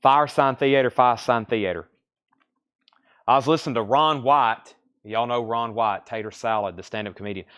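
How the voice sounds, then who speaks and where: A man's voice: mid-range voice, moderate pace, a bit bright, smooth. A man with a Southern US accent hosting a live record sale from a store, reeling off album titles and prices with chatty asides. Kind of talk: live-stream sales patter.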